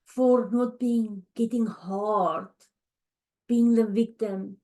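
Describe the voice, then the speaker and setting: A middle-aged woman hosting a podcast, talking in a heartfelt, halting way, tired and close to tears. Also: a little high, fairly even intonation. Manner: heartfelt, halting, with restarts and soft fillers. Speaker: podcast host. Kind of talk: emotional personal monologue. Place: home, early morning.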